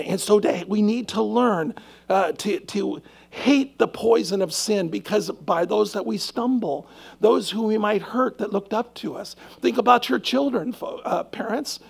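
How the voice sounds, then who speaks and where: A male pastor delivers an earnest, emphatic sermon, pressing rhetorical questions on his congregation. His voice sits fairly high and is heavily gravelly with a husky edge. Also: normal speed.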